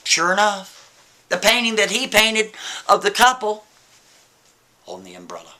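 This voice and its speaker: Bright-voiced man telling a story. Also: sits high, moderate pace. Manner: animated, keeps asking "right?" and rhetorical questions. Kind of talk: casual spoken storytelling.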